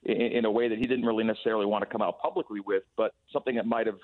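A man's voice: fairly low pitch, steady tone, racing. A man talking over a sports radio phone line, thoughtful and full of restarts and repeated words. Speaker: radio play-by-play guest. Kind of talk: sports radio call-in chat. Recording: tinny phone-line sound.

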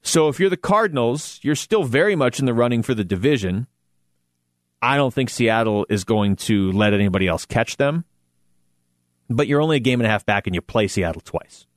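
A man's voice: mid-range voice, no echo. Man talking football, dry studio sound. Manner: conversational, animated, self-deprecating asides. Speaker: sports radio host. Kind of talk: casual sports talk.

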